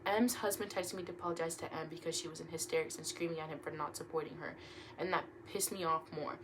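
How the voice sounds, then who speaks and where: A young woman reads stories aloud at home in a lowish voice, stumbling over words now and then and cutting in with animated reactions. She is close to the mic, with a faint hiss of room noise behind her. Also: quick pace. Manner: animated, laughing asides, trips over words. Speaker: YouTuber reading online stories. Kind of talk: casual story reading with reactions.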